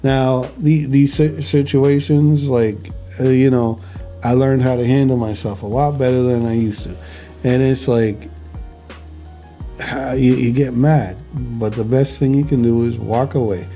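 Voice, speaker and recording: A man telling stories in a casual podcast chat, animated, swearing easily and repeating words as he goes. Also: mid-range voice, unhurried, soft background music.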